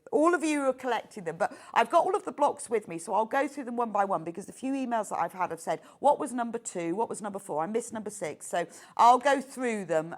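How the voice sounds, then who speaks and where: A middle-aged woman presenting a live sewing shopping show, chatty and enthusiastic. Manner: chatty, enthusiastic, lively pitch swings.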